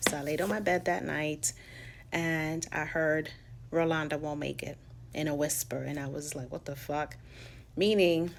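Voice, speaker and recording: Vlogger, female, New York accent, low gravelly voice, frank and profane storytelling, faint room hum. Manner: candid and profane, acts out quoted people in a high voice. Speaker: vlogger sharing her life story. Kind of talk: casual storytelling monologue.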